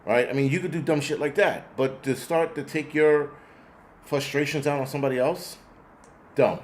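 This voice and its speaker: A man's voice: on the high side, steady tone, moderate pace, a little hiss or hum. A man hosting a show, ranting bluntly and sarcastically with plenty of profanity while answering viewer comments. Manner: sarcastic, exasperated. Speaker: host. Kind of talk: ranting commentary reading chat.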